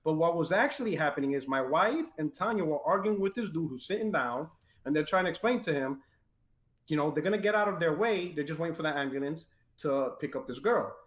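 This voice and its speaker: A man telling rowdy stories in a casual chat, animated and swearing, raising his voice when quoting people. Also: a little high, a little fast, echoey room. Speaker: podcast guest telling stories. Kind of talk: casual storytelling.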